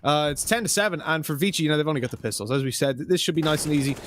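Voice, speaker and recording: Man, esports caster, slightly high pitch, joking rambling banter. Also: expressive, rapid-fire, fairly bright tone, a little hiss or hum. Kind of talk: casual game commentary banter.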